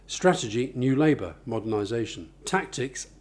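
Here an author being interviewed about his book speaks at a normal pace, his medium-pitched voice full of lively intonation. The exchange is conversational, and he works through his ideas with care, offering examples and frequently starting over.

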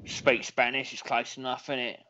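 A man's voice: medium pitch, level tone, moderate pace, bright, forceful tone. A man co-hosting a casual podcast, rambling and hesitant, often giggling. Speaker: podcast co-host. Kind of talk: casual chat. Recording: dull lo-fi sound.

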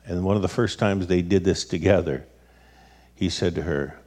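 A middle-aged man speaking on relationships in a relaxed conversational talk, telling family stories and acting out the people he quotes. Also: sits low, normal speed. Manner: storytelling, animated quoted voices.

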